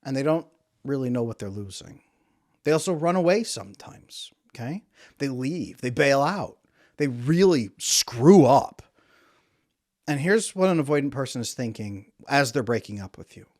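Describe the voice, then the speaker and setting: A man's voice: mid-range voice, lively intonation, moderate pace, darkish tone, dry recording, clean studio sound. A man working as a relationship coach, talking to camera in an emphatic, repetitive way and acting out quotes.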